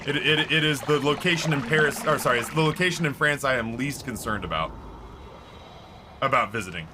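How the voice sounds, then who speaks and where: A man talks casually into a desk mic while he streams, at an ordinary mid pitch. His delivery is rambling and profane, full of restarts and filler words. A clear layer of noise sits under his voice. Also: brisk. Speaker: Twitch streamer.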